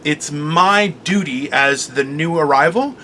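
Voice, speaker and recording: High, bright-voiced man ranting casually. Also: measured pace, slight background noise. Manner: profane, animated storytelling rant. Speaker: podcast co-host, stand-up comic. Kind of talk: casual chat.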